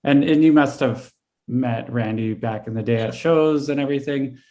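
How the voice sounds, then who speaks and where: A man hosting a livestream interview, reading audience questions with many ums and pauses. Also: medium pitch, a little mellow. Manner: hesitant, fills with um and uh.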